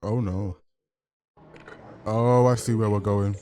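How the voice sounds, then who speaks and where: A man hosting a film reaction, talking casually with joking asides and quick exclamations. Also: on the low side, steady tone, over music. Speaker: movie reaction host.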